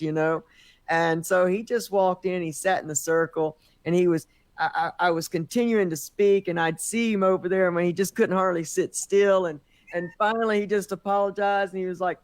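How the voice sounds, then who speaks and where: An animated man tells a story in a conversational interview, acting out what people said and dropping "man" into nearly every sentence. His voice sits on the higher side for a man. The sound is dry and close, with no room echo. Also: clean tone. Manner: animated storyteller, acts out quoted dialogue, says "man" often. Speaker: podcast guest.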